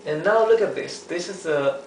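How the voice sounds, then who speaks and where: A man teaching a language lesson at a whiteboard, explaining patiently, checking in with "okay?" and "right?", and repeating words slowly. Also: high-pitched, lively intonation, echoey room, slight background noise, low-quality recording. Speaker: Spanish teacher.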